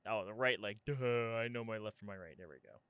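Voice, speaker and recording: A woman's voice: rumbling low, fast, fairly bright tone, dry recording. A young adult woman streaming a horror game, jokey and jumpy, swearing as she plays. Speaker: gaming streamer. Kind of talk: casual horror game commentary.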